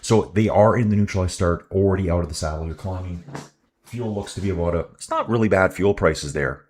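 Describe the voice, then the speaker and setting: A man's voice: low-pitched, brisk, a little mellow, a little hiss or hum. A man hosting a live cycling stream, giving chatty commentary and ranting about the race to his viewers.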